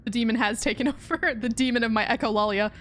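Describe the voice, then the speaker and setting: A young woman chatting casually while she plays a puzzle game on stream. She rambles from thought to thought, laughs often, and her voice sits a bit high. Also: fast talker, fairly bright tone. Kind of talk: casual let's-play chat.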